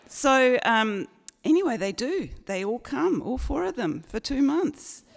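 Older woman from Australia, slow chatty storyteller, gravelly edge, long hall reverb. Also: sits high, big pitch swings. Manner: chatty, self-mocking, full of fillers. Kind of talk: told personal story.

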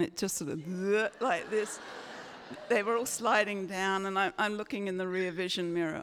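A woman telling a humorous personal story, animated and acting out the people in it. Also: mid-range voice, moderate pace, clear, resonant tone. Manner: lively, animated, acts out the people in her story. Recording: long reverberant hall.

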